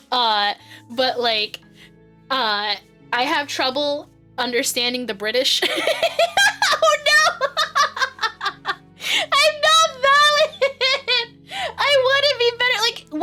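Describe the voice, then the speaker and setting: Bright, giggly streamer woman. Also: sits high. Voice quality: giggly, rambling, swears freely. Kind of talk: casual live-stream chat.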